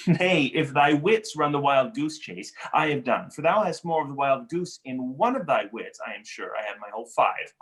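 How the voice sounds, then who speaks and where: A man reading the part of a witty, mocking young nobleman in a cold read of a stage play over a video call, with playful, animated delivery. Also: mid-range voice, moderate pace, hardly any pauses, natural voice. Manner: playful, teasing, animated wordplay.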